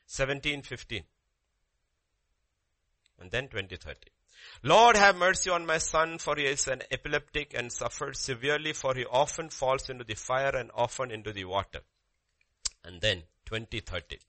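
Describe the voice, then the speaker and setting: A man preaching a sermon, animated, with sudden jumps up in pitch and drops into quiet, intense passages. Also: moderate pace. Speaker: pastor.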